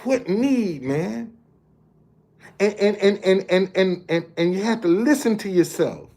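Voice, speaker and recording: An expressive, warm, high voice at a measured pace carries this storytelling monologue. A motivational speaker in his fifties or older recounts a personal experience, speaking plainly to the people in front of him and frequently repeating words while he builds his point.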